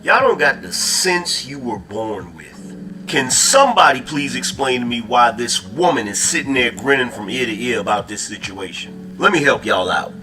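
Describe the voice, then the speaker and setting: A man's voice: mid-range voice, sing-song, normal speed, over music. A man in a played clip, scolding and speaking straight to his audience in an emphatic way. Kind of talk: emphatic address to viewers.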